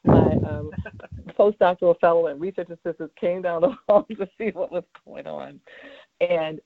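A man's voice: on the high side, moderate pace, vocal fry, no room sound. A man who is a cancer researcher, answering interview questions in an earnest, heartfelt way with many fillers and restarts. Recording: tinny phone-line sound, dry.

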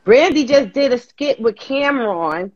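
A woman co-hosting a casual chat, blunt and excited, swearing freely. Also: sits high, a little slow, no echo. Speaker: podcast co-host. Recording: slightly muffled, very dry.

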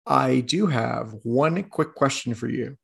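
A man's voice: mid-range voice, slow, vocal fry, husky. A man co-hosting a sports podcast, teasing his co-host in a dry way. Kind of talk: casual sports podcast chat.

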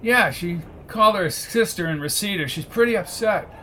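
A man's voice: high-pitched, lively intonation, moderate pace, bright, forceful tone, a little hiss or hum, pitched above the performer's own voice. A man voicing a polite uniformed officer. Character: polite, plain uniformed male police officer.

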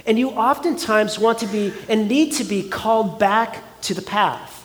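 A man's voice: high voice, moderate pace, fairly bright tone, in a large hall, slight background noise. A man preaching a sermon as pastor, earnest and conversational, often asking his congregation rhetorical questions.

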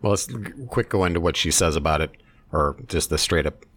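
A man's voice: a bass voice, fairly quick, fairly bright tone. A man hosting a podcast, chatting casually and loosely, with profanity, and reading out news quotes. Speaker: podcast host. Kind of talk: casual political chat.

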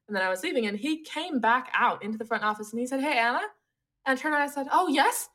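A young woman in casual chat, telling a personal story with lots of laughter and animated asides. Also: high voice, quick pace.

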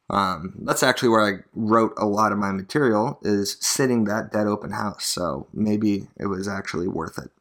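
Rambling, profane man with a low voice. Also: normal speed, creaky, hardly any pauses, a bit bright. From Arizona. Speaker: podcast host, real estate agent. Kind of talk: casual solo podcast monologue.

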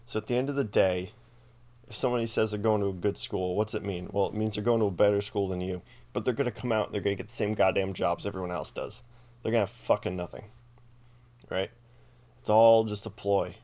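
A man's voice: fairly low pitch, steady tone, fast talker, warm tone. A man hosting a podcast, rambling through a casual comedic rant full of swearing and self-amused asides. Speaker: podcast host.

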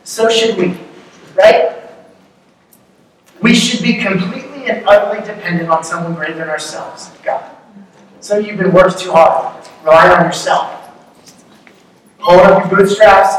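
A man's voice: high voice, a little slow, pauses often, fairly bright tone. Man preaching in an echoey hall. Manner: conversational, joking, rhetorical questions. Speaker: pastor. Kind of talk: sermon. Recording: echoey hall, distant mic, faint noise.

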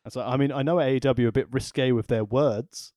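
A man's voice: mid-range voice, fairly even intonation, fast talker, dark tone, no echo, clean studio sound. A man co-hosting a casual podcast chat, making wry, joking asides. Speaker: podcast co-host.

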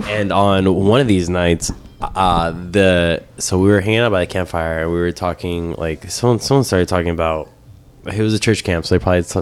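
A man's voice: deep voice, a little mellow, clear, resonant tone. A man chatting casually, telling rambling, profane stories full of restarts and false starts. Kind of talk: casual chat.

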